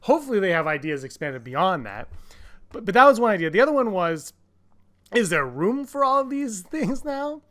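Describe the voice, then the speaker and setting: A man co-hosting a casual podcast, talking excitedly with many restarts and acting out quotes in a raised voice. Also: high-pitched, moderate pace. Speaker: podcast co-host.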